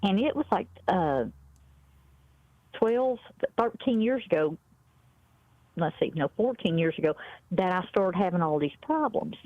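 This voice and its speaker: A woman's voice: on the low side, expressive, unhurried, pauses often, no room sound. A woman, calling in and telling a story bluntly in casual chat. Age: 50s. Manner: blunt storytelling, quoting others. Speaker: caller. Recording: muffled dry phone-in audio.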